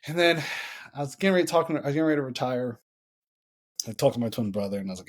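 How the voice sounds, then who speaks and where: A man's voice: medium pitch, quick pace, pauses often. Man telling a story animatedly. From United States. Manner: animated, repeats and restarts phrases while telling a story. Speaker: podcast guest, former Olympic hurdler. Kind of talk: storytelling in a conversational interview.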